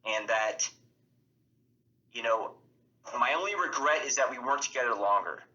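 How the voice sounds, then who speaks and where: A man's voice: medium pitch, animated, normal speed, pushed and bright, dull audio. A man speaking as a podcast guest, earnest and heartfelt, repeating his phrases as he talks. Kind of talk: heartfelt casual tribute.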